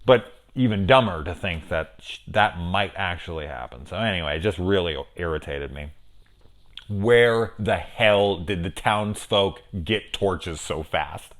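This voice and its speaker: Animated, swearing man reviewing a movie. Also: fairly low pitch, moderate pace. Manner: animated, incredulous, swears often. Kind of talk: casual spoiler review chat.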